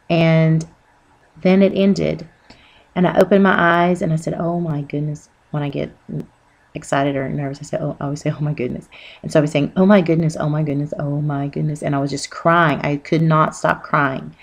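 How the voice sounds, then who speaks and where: A woman telling an earnest, rambling personal religious testimony with many pauses and fillers. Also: low voice, steady tone, vocal fry. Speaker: Christian testimony speaker.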